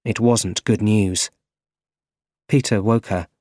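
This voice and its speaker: Slow, clear male story narrator. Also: on the low side, steady tone, a little mellow, dry recording. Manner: clear, measured reading. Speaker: storyteller for English learners. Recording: dry close recording.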